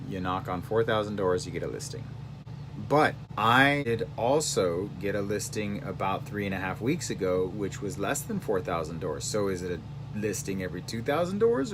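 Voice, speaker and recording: A man, a real estate agent, vlogging casually in an excited, self-promoting, storytelling way while out on residential streets. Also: sits low, noisy background. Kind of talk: casual vlog to camera.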